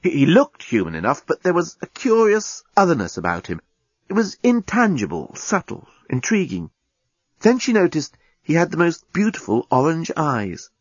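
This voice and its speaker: A man narrating an audiobook in a lively, theatrical storytelling manner. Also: on the high side, normal speed, husky, no echo, lo-fi sound.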